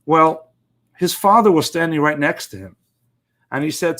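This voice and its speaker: Man, inspirational storyteller, earnest emphatic delivery, slightly high voice. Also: fairly bright tone. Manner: earnest, emphatic, measured phrasing. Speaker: inspirational speaker.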